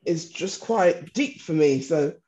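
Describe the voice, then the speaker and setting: A woman's voice: low voice, slow. A woman from East London hosting a casual podcast, telling stories with frequent laughs. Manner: animated storyteller, laughs often. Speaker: podcast host. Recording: dull lo-fi sound.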